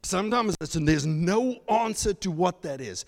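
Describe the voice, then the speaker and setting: A man preaching a sermon as pastor, animated, slipping into mocking asides in put-on voices. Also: high-pitched, a little slow, vocal fry, big-room sound. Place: church.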